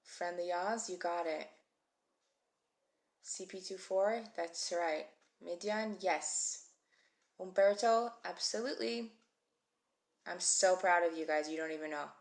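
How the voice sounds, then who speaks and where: A woman's voice: on the low side, slow, pauses often. A woman teaching a live-streamed Hebrew reading class, chatty and encouraging as she calls out viewers by name. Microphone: phone mic.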